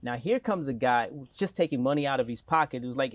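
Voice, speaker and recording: A man with a South African accent, talking as a guest in an interview and telling stories with animated energy. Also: medium pitch, brisk, no echo. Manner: animated storytelling with lively acted quotes. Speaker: mayoral candidate guest. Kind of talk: casual interview talk.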